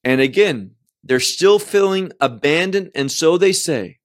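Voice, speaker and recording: A man with a slightly high voice teaches a psalm verse by verse. He speaks in an unhurried, deliberate way and often repeats a word before going on. When he reads the pleas aloud, his voice rises with emphasis. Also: expressive. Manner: slow and deliberate, repeats words as he restarts. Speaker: Bible teacher.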